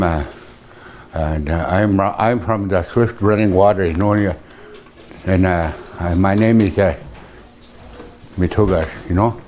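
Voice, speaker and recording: An older man teaching words of his language in a casual, hesitant way, repeating terms slowly with many pauses. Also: on the low side, a little mellow, slight background noise. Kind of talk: teaching vocabulary, casual and halting.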